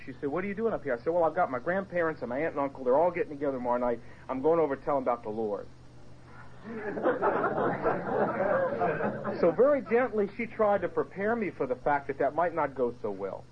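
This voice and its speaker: A man with a fairly high voice tells his testimony to a group, swinging his pitch widely as he acts out quotes and asides. The recording is muffled and lo-fi, with a faint hiss underneath. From Portsmouth, Virginia area. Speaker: speaker giving his testimony. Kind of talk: animated personal testimony to a group.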